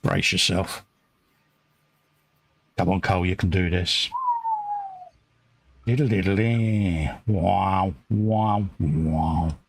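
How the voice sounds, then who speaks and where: A man's voice: low voice, little pitch movement, slow pace, gravelly, long pauses, breathy edge. A man chatting casually and joking with his co-host while talking through each step of building a model kit.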